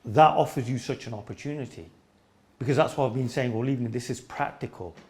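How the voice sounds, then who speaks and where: A man at mid pitch who talks quickly. He leads a spiritual discussion in a playful, teasing way and tells stories to the group. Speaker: spiritual teacher in a group talk. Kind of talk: informal discussion with an audience.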